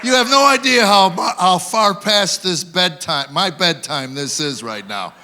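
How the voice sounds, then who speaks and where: A man doing stand-up on an awards show stage, spinning wry stories about home life. His voice is bright and sits a little high. He slips in quick character voices for his punchlines. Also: animated. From Tennessee, USA. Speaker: stand-up comedian. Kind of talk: live stand-up routine.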